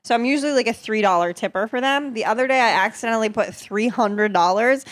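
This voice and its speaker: A woman's voice: a little high, fast. A woman in her thirties hosting a podcast, chatting casually and animatedly, laughing often and swearing freely. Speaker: podcast host. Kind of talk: casual chat.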